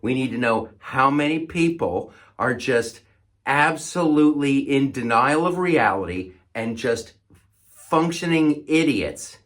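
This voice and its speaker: A man's voice: medium pitch, lively intonation, measured pace, a bit bright. A male comedian host delivering a sarcastic comedic monologue, often stammering and repeating words.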